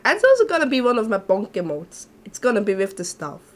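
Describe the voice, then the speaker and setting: A woman's voice: medium pitch, huge pitch swings, brisk. A woman streaming a game, chatting casually and giggling often between asides. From not Australia. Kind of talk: casual gameplay chat, reading game lines aloud.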